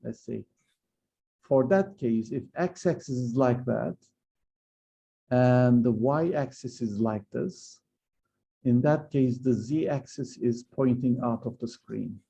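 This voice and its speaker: This physics lecturer has a mellow, mid-range voice with vocal fry, and he takes things slowly. He explains step by step at a university lecture, full of hesitations, fillers and restarts, captured on a slightly dull lo-fi recording.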